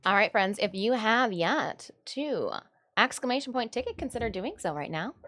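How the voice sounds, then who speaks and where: A woman's voice: a little high, animated, moderate pace, fairly bright tone. A woman from Michigan chatting casually on a live stream, reading viewer comments in a rambling, giggly way. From Michigan, USA.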